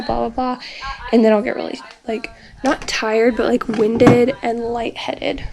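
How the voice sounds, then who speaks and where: Gravelly-voiced young woman rambling to camera. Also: on the high side, level tone, measured pace. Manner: rambling, full of "like" and "um" fillers. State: recovering from illness, tires easily. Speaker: vlogger. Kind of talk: casual video diary. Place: her bedroom at home. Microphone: camera filming herself.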